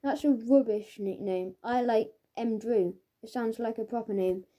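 A woman's voice: on the high side, measured pace, dark tone. A woman voicing a teasing, smug schoolboy classmate in a children's audiobook.

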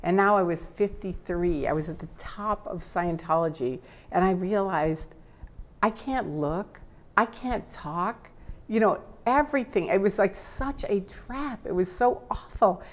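A woman's voice: medium pitch, a little slow. An older woman as an interview guest, telling her personal story with feeling, sometimes tearful and acting out what others said. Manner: animated, tearful at times, acts out quotes.

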